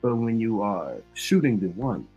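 A man with a Chicago accent, co-hosting a talk show and explaining his points in a measured, thoughtful way. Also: on the low side, expressive, warm tone, soft background music, poor audio. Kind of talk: casual chat.

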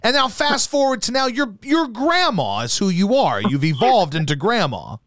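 Lively teasing male radio host. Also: high voice, normal speed, dry recording, clean studio sound. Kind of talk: casual chat.

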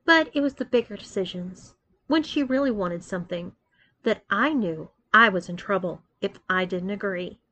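A woman's voice: mid-range voice, expressive, moderate pace, sharp tone. A woman reading a first-person story aloud, moving expressively between narration and dialogue. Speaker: story reader.

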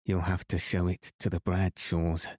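A man's voice: low-pitched, completely flat delivery, darkish tone, breathy edge, no echo, clean studio sound. A man voicing a blunt teenage girl. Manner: brisk and offhand.

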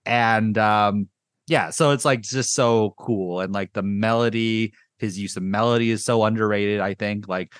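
A man hosting a podcast in casual chat, rambling and excitable with lots of filler words. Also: fairly low pitch, no echo, clean studio sound. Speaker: podcast host. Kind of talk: casual chat reviewing music.

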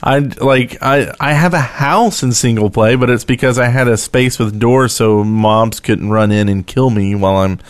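A man's voice: medium pitch, moderate pace, few pauses, clean tone, no room sound. A man co-hosting a casual podcast, making dry short quips. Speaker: podcast co-host. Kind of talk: casual chat.

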